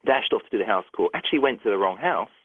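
A middle-aged man, a doctor, telling a story in a phone interview, animated and restarting sentences often. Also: fairly low pitch, quick pace, husky, no echo. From United Kingdom. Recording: tinny dry phone line.

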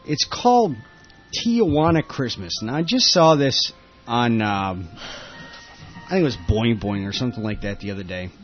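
A man's voice: medium pitch, expressive, moderate pace, muffled recording, soft background music. A man hosting a casual tech podcast, rambling and laughing with many fillers. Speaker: podcast host. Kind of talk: casual tech show chat.

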